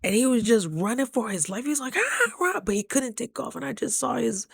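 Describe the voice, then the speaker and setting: A woman vlogger from Idaho chatting casually to camera, telling stories with animated, loud quoted asides. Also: fairly high pitch, fast talker, creaky, breathy edge, no echo, clean studio sound.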